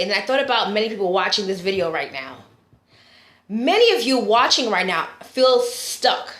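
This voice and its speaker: Woman motivational coach, slightly high voice, animated storyteller, live-stream talk in an echoey room. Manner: animated storytelling, frequent "right?" asides. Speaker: life coach and speaker.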